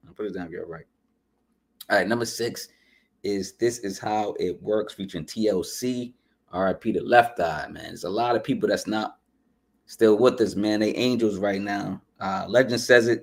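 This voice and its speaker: A man hosting a podcast, chatting loosely through an album review with shout-outs and asides, his nose running. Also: fairly low pitch. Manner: loose and chatty, full of shout-outs and asides, often saying "you know what I'm saying". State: runny nose. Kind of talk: casual music review chat.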